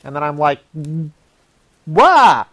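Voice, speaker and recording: A man hosts his own show, rambling casually and poking fun at himself. His pitch swings a lot as he acts out quoted lines. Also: very animated, moderate pace. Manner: self-deprecating, rambling, laughs at himself. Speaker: host.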